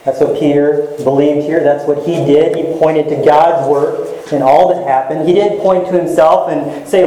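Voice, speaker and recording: A man's voice: on the high side, steady tone, normal speed, hardly any pauses, mellow. A male pastor giving a sermon, reading scripture and explaining it earnestly, repeating his key points. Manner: earnest, repeats key phrases, addresses listeners as loved ones. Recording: very echoey church room.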